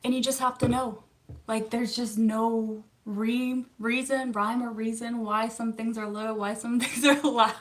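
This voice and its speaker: A therapist, chatting casually on a livestream and answering viewer comments with frequent laughs. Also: female voice, on the high side, level tone, a little slow. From Canada. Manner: chatty and upbeat, laughs often, self-teasing.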